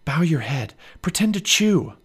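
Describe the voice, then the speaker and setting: A man's voice: a little high, very animated, measured pace, a bit bright, husky, voice pushed up, full character voice. A man doing a cautious, bossy young boy. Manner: urgent and bossy. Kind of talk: storybook read-aloud.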